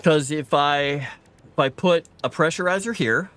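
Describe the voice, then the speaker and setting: A man's voice: a little high, unhurried, a bit bright. A man streaming a video game at home in a casual chat, stopping to coo at his cat. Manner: chatty, coos and baby-talks to his cat. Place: home, indoors.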